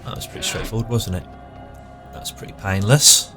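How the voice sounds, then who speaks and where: Male gamer, deep voice, rambling play-by-play over game music. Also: animated, moderate pace. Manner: chatty, muttering to himself. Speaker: player narrating his game. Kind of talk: casual gameplay commentary. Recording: music playing clearly behind.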